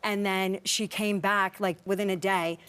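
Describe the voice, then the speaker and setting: A woman's voice: mid-range voice, level tone, a little slow, a bit bright, clear, resonant tone. A woman telling a personal story in casual talk-show chat, full of fillers and acted-out quotes. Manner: chatty, many "like" fillers, acts out quoted dialogue. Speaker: reality show cast member.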